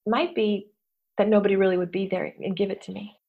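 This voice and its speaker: A woman's voice: medium pitch, steady tone, fairly quick, gravelly, phone-quality sound. A woman hosting a self-help podcast, talking in a chatty, candid, self-mocking coaching way. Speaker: podcast host. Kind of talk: casual self-help talk.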